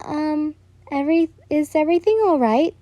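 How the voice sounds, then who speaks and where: A woman's voice: very high-pitched, expressive, measured pace, warm tone, no room sound, muffled recording, voice pushed up. A woman voicing a shy, flustered teenage girl hero student who stammers nervously.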